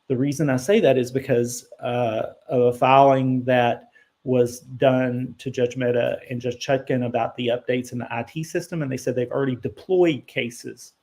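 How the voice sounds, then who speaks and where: A man's voice: medium pitch, steady tone, moderate pace, a little mellow. A man hosting a live immigration Q&A, answering viewer questions in a conversational way, thinking aloud with ums and self-corrections, and turning blunt when he corrects misconceptions.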